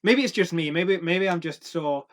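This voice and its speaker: Slightly high-voiced man, light Scottish accent. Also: normal speed. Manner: reflective, talks in bursts with restarts. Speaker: podcast co-host. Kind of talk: casual chat.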